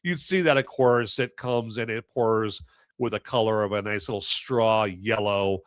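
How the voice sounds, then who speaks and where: His voice sits on the low side and moves a little slowly, captured in clean studio sound without echo. This podcast host, who reviews movies and beer, keeps a casual live-stream chat going with rambling, self-mocking remarks and joking asides.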